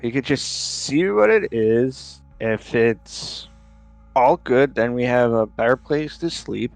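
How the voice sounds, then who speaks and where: A man playing in a tabletop game, talking through plans in a deliberate, hesitant way with frequent ums. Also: mid-range voice, expressive, vocal fry, a little mellow, no echo, faint music behind. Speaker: player.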